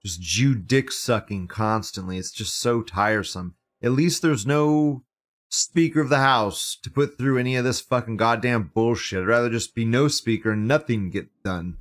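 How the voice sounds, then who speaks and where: A man's voice: mid-range voice, moderate pace. A man hosting a live show, reading chat aloud and ranting in a profane, sarcastic way. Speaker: livestream show host.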